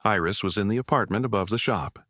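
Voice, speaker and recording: A man narrates a long story in a slow, measured manner. His voice sits low, and the recording is dry and close. The reading stays even throughout. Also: dry recording.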